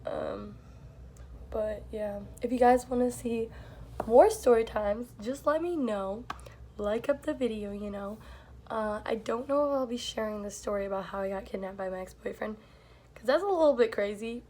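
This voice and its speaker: A woman's voice: on the high side, normal speed, dark tone. A young woman telling a story in a casual vlog, chatty and full of "like", swearing now and then. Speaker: vlogger.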